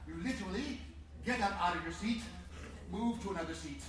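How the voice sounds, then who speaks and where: A man's voice: high-pitched, brisk, background noise. A man on stage ordering and teasing his audience with bossy, laughing commands. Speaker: stage comedian doing crowd work. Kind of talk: live audience interaction. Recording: echoey hall from far off, loud crowd.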